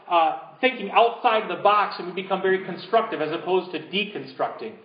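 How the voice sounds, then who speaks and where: Pastor preaching, lifts to loud peaks then goes hushed, muffled echoey sound. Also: male voice, high-pitched, fairly quick. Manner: preaching with rising, emphatic build-ups; drops to a hushed voice leading a congregation. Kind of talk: sermon. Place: church sanctuary. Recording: roomy, dull church recording.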